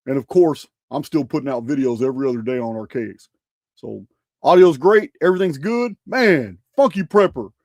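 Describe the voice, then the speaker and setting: Excitable man hosting a livestream, dark tone. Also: medium pitch, moderate pace, dry recording. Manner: excitable, stumbles and repeats words. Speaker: livestream host. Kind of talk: casual livestream chat.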